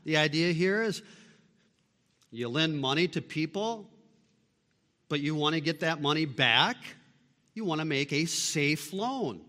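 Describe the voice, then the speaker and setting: A male pastor preaching a sermon, shifting between loud emphatic bursts and quiet low passages. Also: very animated, measured pace, pauses often. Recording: long reverb of a large hall.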